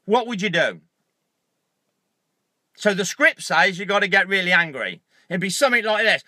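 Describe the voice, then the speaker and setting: Talking to his phone camera in a parked car, this motivational vlogger has a bright, high voice captured dry and close with no room sound. He speaks at normal speed, a lively storyteller who erupts into loud, profane acted-out anger.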